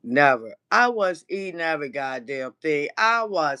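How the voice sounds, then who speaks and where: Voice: medium pitch, big pitch swings, normal speed, pushed and bright, clean tone. A cooking vlogger chatting casually on a livestream, ranting and cursing freely and laughing often.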